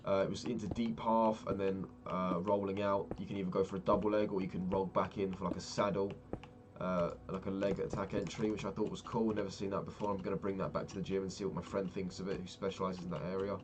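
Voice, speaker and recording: A man's voice: deep voice, flat delivery, quick pace. Sweary young man telling a story. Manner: chatty, swears freely, rambling. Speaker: vlogger. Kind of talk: casual storytelling while gaming. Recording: keyboard clicks and typing behind. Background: keyboard clicks.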